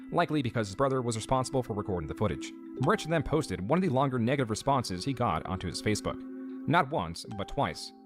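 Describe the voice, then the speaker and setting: Quick, lively male narrator over music. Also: medium pitch. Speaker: documentary narrator. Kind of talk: scripted narration.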